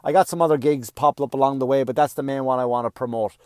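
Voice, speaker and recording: A middle-aged man hosting his own podcast, delivering a loud, profane comedic rant. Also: medium pitch, steady tone, fast talker, dry recording, clean studio sound.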